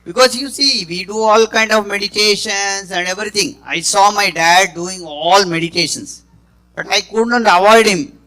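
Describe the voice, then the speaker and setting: A middle-aged man giving a spontaneous talk, halting and often restarting his phrases. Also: sits high, bright, forceful tone, poor audio. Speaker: speaker on spiritual healing.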